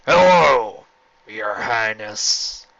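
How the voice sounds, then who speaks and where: A man voicing a sly, stern male pony general with a slow, smug drawl. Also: medium pitch, lively intonation, sharp tone, no echo, far from the mic. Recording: lo-fi home recording.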